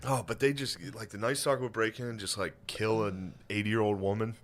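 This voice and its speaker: A man co-hosting a comedy podcast, telling a story in casual profane chat, laughing through it and shouting out the lines he acts. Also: on the low side, steady tone, brisk. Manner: profane, drops to a mumble for grim details. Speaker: podcast co-host.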